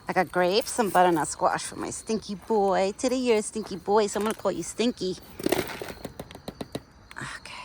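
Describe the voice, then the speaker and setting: At dusk in a yard, a woman in her thirties coos baby talk at a wild deer she's feeding, chatting casually in a mid-range voice at a moderate pace. The outdoor phone recording is noisy with crickets and insects.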